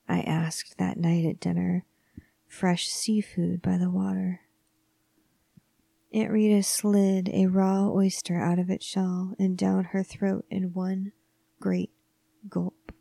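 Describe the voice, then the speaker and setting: A woman narrating a horror story in a soft, hushed, often whispery voice, measured and calm. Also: fairly low pitch, gravelly, dry recording.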